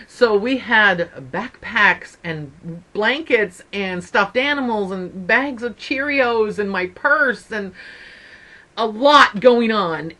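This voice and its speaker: A woman's voice: on the high side, sharp tone. A middle-aged woman hosting her stitching channel, chatting to viewers in a rambling, storytelling way. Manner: chatty storyteller, wanders off on tangents. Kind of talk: casual chat to viewers.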